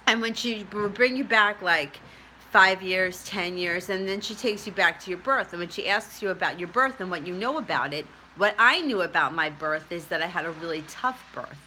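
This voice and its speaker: A woman's voice: on the low side, normal speed, sharp tone, slight background noise. A middle-aged woman telling a personal story to camera in a chatty, rambling way, often laughing at herself. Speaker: tarot reader and spiritual vlogger.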